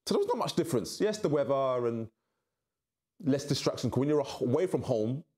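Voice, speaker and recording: A middle-aged man telling his story candidly in an interview, acting out quoted voices with big jumps in pitch. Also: sing-song, fairly quick, warm tone. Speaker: interview guest.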